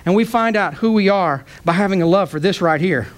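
Male preacher, sermon, high voice, impassioned, swings from shouting to soft, tearful at times. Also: fairly quick. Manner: impassioned, rising to shouts then dropping soft.

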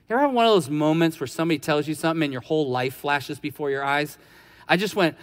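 A man's voice: a little high, fast. A man preaching a sermon in a conversational, storytelling way. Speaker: pastor. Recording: long hall reverb.

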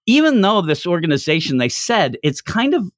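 Male podcast co-host, casual manga chat, very lively swooping pitch, dry close mic, breaks into quick character voices. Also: no echo. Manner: animated, acts out character lines in quick voices.

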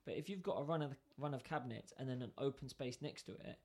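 A man's voice: mid-range voice, fast talker, breathy edge. A man telling a workplace story in casual chat, acting out both sides of the conversation. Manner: animated, acts out both sides of dialogue.

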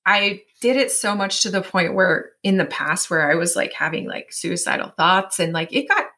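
A woman's voice: lowish voice, normal speed. A woman in her forties, a guest in an interview, telling a personal story in a chatty way, full of fillers, often acting out what her inner voice says. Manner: chatty, many fillers, animated self-quoting.

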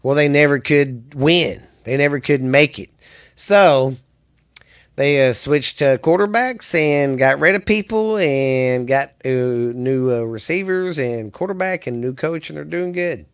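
A man's voice: a little high, animated, unhurried, clean tone. A man hosting a sports podcast, ranting angrily and rambling with lots of cursing. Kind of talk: profane ranting commentary.

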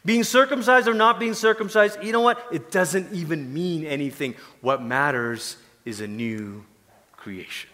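A man preaching a sermon as pastor, animated, acting out Paul in casual talk and dropping to soft whispers. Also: on the high side, moderate pace, in a large hall.

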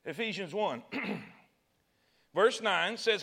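A man preaching a sermon in a folksy, conversational way, repeating words and acting out scenes with excitement. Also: very high-pitched, moderate pace.

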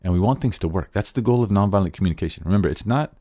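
A man's voice: low-pitched, lively intonation, racing, mellow, no room sound, clean studio sound. A man giving an earnest, casual spoken lesson on nonviolent communication, thinking aloud with frequent restarts.

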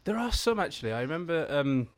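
A man from the Black Country with a Black Country accent, a comedian chatting as a podcast guest, halting with many restarts and easy laughs. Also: on the high side, very animated. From Black Country, England. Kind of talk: casual podcast chat.

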